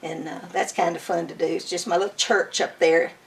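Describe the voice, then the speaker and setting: In a casual interview at home, an older woman who is a bluegrass musician tells stories with chatty enthusiasm and fondness. Her lowish voice is brisk with fairly even intonation, captured by a distant mic.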